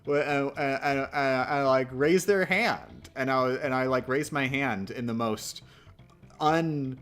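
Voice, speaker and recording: A man's voice: medium pitch, slow, a bit bright. A man chatting casually on a live stream, rambling and self-mocking with lots of restarts.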